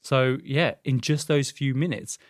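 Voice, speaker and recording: Man, podcast host, animated storyteller, mid pitch, dry close sound. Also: a little slow, dry recording. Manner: animated, chatty, frequent fillers. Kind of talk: casual storytelling chat.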